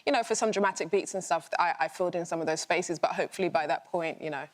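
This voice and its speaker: A woman guest on a chat show with a fairly low voice. She speaks in a thoughtful, explanatory way, laying out how her work was done step by step. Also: fast. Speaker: actress guest.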